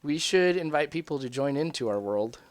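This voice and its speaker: A man's voice: on the high side, lively intonation, normal speed, dry recording. A man hosting a casual live stream, mostly giving short upbeat reactions. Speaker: stream host.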